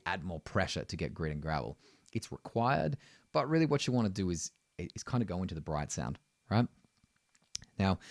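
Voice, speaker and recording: A man's voice: deep voice, dry recording, clean studio sound. A man teaching singing, explaining technique and often checking in with "right?". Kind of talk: vocal lesson.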